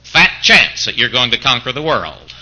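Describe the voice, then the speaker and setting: A man's voice: mid-range voice, sing-song, moderate pace, bright, forceful tone, poor audio. A man preaching a sermon who keeps throwing out mock-incredulous rhetorical questions, as if arguing back in the voice of a doubter.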